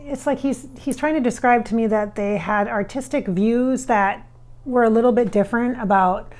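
A woman's voice: on the high side, normal speed, a little mellow. A woman working as a psychic medium, talking through a channeling session in a chatty, rambling way. She often corrects herself as she goes.

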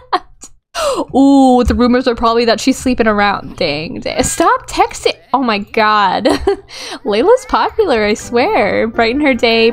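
A young woman chatting through a game session with a fairly high voice. She giggles often and talks straight to the characters on screen, and her voice is still a little rough as she gets over a cold. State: recovering from a cold, voice a bit rough. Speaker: gaming YouTuber. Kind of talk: casual gameplay commentary.

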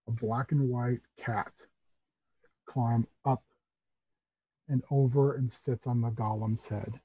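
A man narrating a tabletop game with a slow, measured delivery. His voice is husky and mellow. It is recorded on a dry, dull, lo-fi mic. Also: mid-range voice, dry recording. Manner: measured, descriptive. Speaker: game master.

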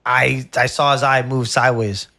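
A man's voice: medium pitch, moderate pace, dry recording, clean studio sound. A man who works as a barber, telling a rambling story in casual chat and calling the listener "bro". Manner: animated, rambling, says "bro" a lot.

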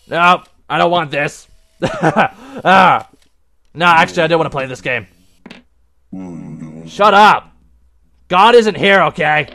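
A young man commenting on a horror game as he plays, excitable and easily startled into yelps. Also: fairly high pitch, gravelly. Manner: excitable and jumpy, yelps and shouts at scares. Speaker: gaming video host. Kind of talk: let's play commentary.

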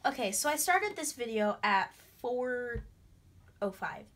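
Bubbly, excitable young woman vlogger. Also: fairly high pitch, slow pace, vocal fry. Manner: bubbly, excitable, gasps and squeals. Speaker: craft vlogger. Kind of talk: casual DIY tutorial chat.

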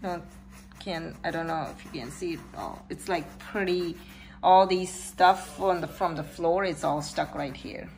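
A woman's voice: lowish voice, darkish tone, slight background noise. A middle-aged woman casually narrating a home repair vlog, rambling with many fillers and out of breath from the effort. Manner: rambling, halting, with frequent fillers. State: out of breath from pulling. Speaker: home vlogger.

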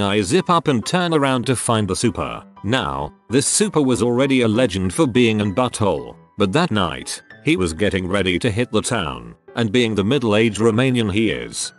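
Low-voiced man narrating lively stories. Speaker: story narrator. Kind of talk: scripted narration of online stories. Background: faint background music.

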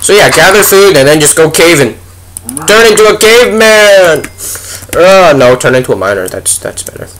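A man's voice: a little high, sing-song, a little fast, few pauses, a bit bright, a little hiss or hum. A young man giving goofy, chatty let's play commentary as a gaming video host, talking to the animals in the game. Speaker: gaming YouTuber.

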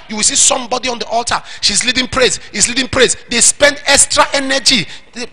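A man with a Nigerian accent preaching a sermon in church, acting out little scenes and shouting at the high points. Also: fast, hardly any pauses. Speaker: pastor.

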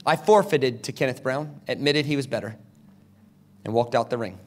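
A man from South Carolina, a guest preacher telling stories in an animated, dramatic sermon at a church service. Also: mid-range voice, normal speed, faint music behind. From South Carolina, USA. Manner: animated, dramatic, acts out quotes. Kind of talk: storytelling sermon. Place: church service, large hall.

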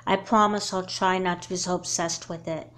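In a home-made doll movie, a woman voices a young girl hooked on her laptop, speaking in a low-set, natural voice. When she panics, her voice jumps up high and loud. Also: fairly even intonation, normal speed, close to an everyday voice. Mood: apologetic.

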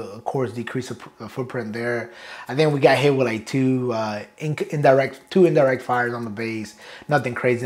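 Middle-aged man telling stories casually, profane. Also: medium pitch. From New York. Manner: animated, profane, acts out quotes with laughs. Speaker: guest. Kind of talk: casual storytelling interview.

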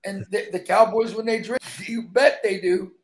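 A man's voice: high voice, fairly even intonation, moderate pace, background noise. A man who is a stuntman, guesting on an interview and telling emphatic stories in which he acts out the dialogue.

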